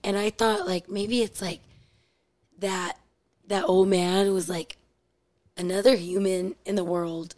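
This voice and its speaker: A woman chatting casually on a podcast, rambling and looping through fillers. Her pitch sits in an ordinary middle range. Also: fairly even intonation, slow, long pauses, a little mellow. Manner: rambling, heavy use of "like". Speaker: podcast co-host. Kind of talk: casual chat.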